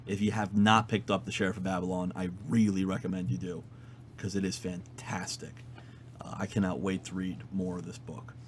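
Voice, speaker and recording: Man, deep voice, casual comic recap, filler words, slight noise. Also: moderate pace. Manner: animated retelling, fillers, quotes characters in his own voice. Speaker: podcast co-host reviewing comics. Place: comic shop.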